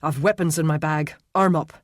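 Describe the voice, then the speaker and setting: A man's voice: on the high side, steady tone, normal speed, dry recording, clean studio sound, natural voice. Grim protective immortal guy, read by a man, curt and bossy, audiobook. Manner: curt, commanding.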